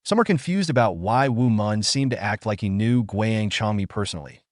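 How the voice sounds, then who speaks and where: A man narrating a comic story recap in a steady, scripted storytelling manner. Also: lowish voice, no room sound, studio quality.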